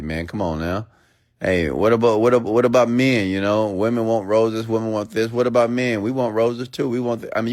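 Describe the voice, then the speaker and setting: A man live-streaming a blunt, preachy rant to viewers, swinging between loud outbursts and low asides.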